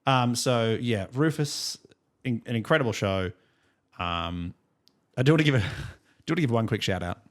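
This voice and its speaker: A man's voice: mid-range voice, expressive, moderate pace. A young Australian man co-hosting a music podcast, telling stories in a rambling, chuckling, casual way. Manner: rambling storyteller, chuckles often. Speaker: podcast co-host. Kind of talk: casual chat.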